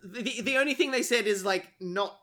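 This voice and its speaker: A man's voice: sits high, fairly quick, sharp tone. A man co-hosting a casual podcast chat, talking animatedly with lots of fillers and acting out quotes. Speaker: podcast co-host.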